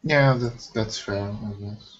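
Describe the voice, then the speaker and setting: A man in casual chat, making jokey points in an animated way. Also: fairly low pitch, slow pace. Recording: dull lo-fi podcast audio.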